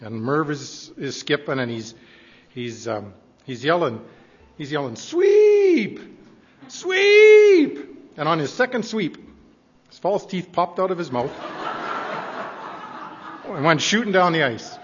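An older man with a husky voice tells fond, earnest stories to his congregation. His voice rings out with a long echo in a church hall. The recording sounds dull and lo-fi. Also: on the high side, measured pace, long pauses, fairly bright tone. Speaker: church member addressing congregation. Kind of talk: reminiscing speech to a congregation.

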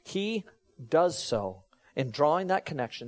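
A man preaching a sermon to a congregation, teaching with lively emphasis and dropping to hushed low tones. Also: moderate pace. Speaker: pastor.

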